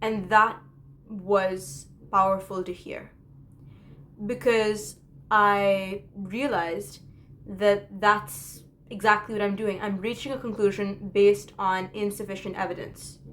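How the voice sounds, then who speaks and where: A woman's voice: mid-range voice, flat delivery, slow pace, a bit bright, a little hiss or hum. A woman in her early twenties, a college student, speaking in an earnest, reflective confessional vlog with self-deprecating humor.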